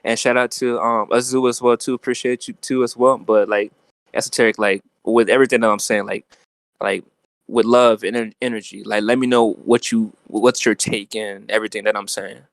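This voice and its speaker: A man's voice: on the low side, fairly quick, no echo. Slangy young man telling a story. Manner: slangy, animated, filler-heavy. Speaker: guest telling a dream. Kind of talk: casual storytelling chat.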